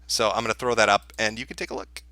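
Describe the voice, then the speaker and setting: Here a man hosting a podcast mocks his subjects in crude, amused, profane commentary, his tone sneering, bright, and sharp at the edges. The voice is fairly low with fairly even intonation, and he talks fast. It's a close, dry recording without any echo.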